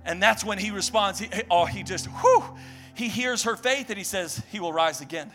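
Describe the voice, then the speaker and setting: High, bright-voiced preacher shouting a sermon. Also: male voice, moderate pace, soft background music. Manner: passionate, building to shouts and repeated refrains. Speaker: pastor. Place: church sanctuary.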